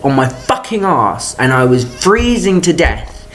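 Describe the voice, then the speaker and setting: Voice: medium pitch, sing-song, unhurried. A vlogger telling a personal grievance in an exasperated, profane rant, talking in stop-start bursts and restarts. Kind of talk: ranting personal vlog.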